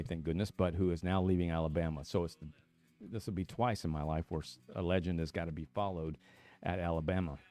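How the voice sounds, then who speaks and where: A man's voice: deep voice, darkish tone. A middle-aged man, hosting a casual newspaper live stream, talking loosely with many fillers and restarts.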